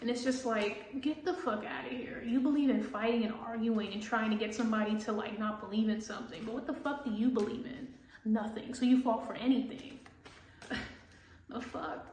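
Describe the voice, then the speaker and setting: A woman's voice: fairly high pitch, steady tone, brisk, a little mellow, reverberant, slight background noise, low-quality recording. A woman tarot reader ranting casually, profane and scornful, mocking people she disagrees with in quoted voices.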